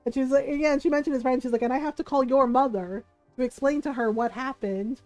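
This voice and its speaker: A woman's voice: high voice, quick pace, darkish tone, dry recording. A woman streamer telling a story in casual chat while gaming, acting out the people she quotes and often adding "right?". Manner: chatty, acts out quoted voices, frequent "right?". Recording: dry close mic with faint game music.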